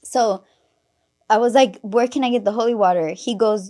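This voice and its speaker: A woman's voice: fairly high pitch, normal speed, mellow. A young woman hosting a podcast, telling a story in casual chat, laughing often and acting out the people she quotes, full of fillers and casual swearing. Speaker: podcast host.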